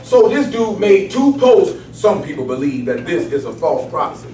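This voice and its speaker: A man teaching a Bible study in a casual, animated, streetwise way, often asking if listeners follow him. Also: fairly high pitch, moderate pace, echoey room, recorded from a distance, a little hiss or hum. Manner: animated, streetwise, keeps asking "you know what I'm saying". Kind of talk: casual preaching to a small group.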